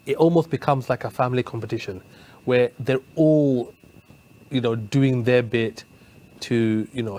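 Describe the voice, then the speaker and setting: A man's voice: mid-range voice, a little mellow. Rambling male TV presenter. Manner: rambling, heavy on fillers and restarts. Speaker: TV quiz show presenter. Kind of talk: live studio talk show. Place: TV studio.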